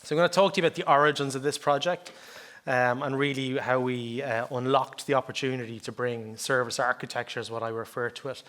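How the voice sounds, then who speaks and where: A man's voice: mid-range voice, fairly even intonation, fairly quick, a bit bright. Chatty Irish man giving a conference talk. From Ireland. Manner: conversational, chatty, often adds "okay?" and "like, you know". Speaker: conference speaker.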